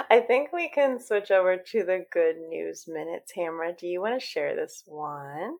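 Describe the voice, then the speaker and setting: A woman co-hosting a podcast in casual chat, bubbly and animated, often laughing. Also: on the low side, measured pace. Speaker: podcast co-host.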